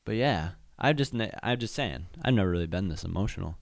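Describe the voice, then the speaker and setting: Rambling young man, low dry voice. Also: expressive, fast talker, vocal fry, no echo. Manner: rambling, candid, lots of fillers. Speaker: podcast host. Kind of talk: casual solo chat.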